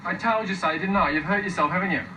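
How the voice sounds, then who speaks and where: An actor playing a fussy, whiny young police constable in a comedy sketch. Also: male voice, high-pitched, quick pace, far from the mic, close to an everyday voice, rough recording.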